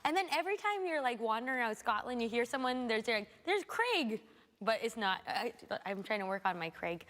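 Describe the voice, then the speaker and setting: A woman's voice: fairly high pitch, lively intonation, quick pace, a bit bright. A woman from Alaska chatting as a talk show guest, rambling with many "like" fillers. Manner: chatty, lots of "like" fillers, giggly. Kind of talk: casual chat. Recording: reverberant studio hall.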